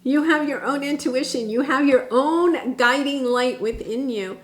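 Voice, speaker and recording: A woman's voice: high voice, unhurried, reverberant. Earnest chatty woman tarot reader. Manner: chatty, earnest, reassuring, many fillers and restarts. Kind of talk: casual tarot reading to camera.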